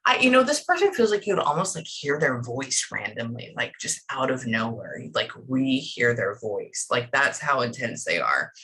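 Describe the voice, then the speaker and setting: A woman's voice: rumbling low, very animated, moderate pace, hardly any pauses, pushed and bright, slightly rough, poor audio. A woman giving a medium reading to clients, talking in a rambling, emotional way with lots of fillers. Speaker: psychic medium.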